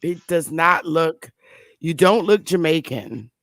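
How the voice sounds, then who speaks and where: Lively, higher-voiced male host. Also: takes it slowly, no room sound. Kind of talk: casual conversation.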